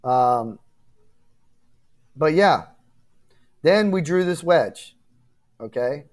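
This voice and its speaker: A man's voice: on the high side, expressive, extremely slow, a little mellow. Emphatic man talking through trading charts. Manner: emphatic, repetitive, addresses viewers directly with frequent "okay?" and "right?"; apologetic and frustrated at times. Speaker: crypto trading channel host. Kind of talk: casual chart walkthrough.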